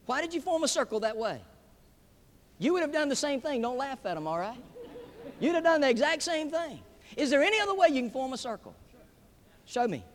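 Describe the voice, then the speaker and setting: A man preaches in a large hall before a live audience. His voice sits very high and moves a great deal in pitch. Long reverb trails behind every phrase. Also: sing-song, a little fast, long pauses. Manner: emphatic, swinging between loud peaks and hushed drops. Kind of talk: sermon.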